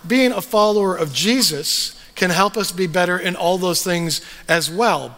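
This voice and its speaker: A man's voice: sits high, a bit bright, long reverb tail. A man pastor giving a sermon to his congregation, speaking in a conversational storytelling way with frequent fillers. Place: church sanctuary.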